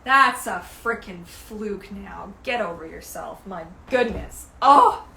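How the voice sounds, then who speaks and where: A woman in her thirties chatting casually as a mermaid vlogger, animated and gushing, swearing casually now and then. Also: mid-range voice, slow pace, gravelly, echoey room, slight background noise. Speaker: mermaid vlogger reviewing gear. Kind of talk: casual livestream chat.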